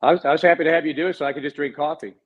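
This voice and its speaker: A man hosting a sports radio show, trading quick, joking banter with his co-hosts. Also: a little high, fairly even intonation, husky, lo-fi sound. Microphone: studio microphone.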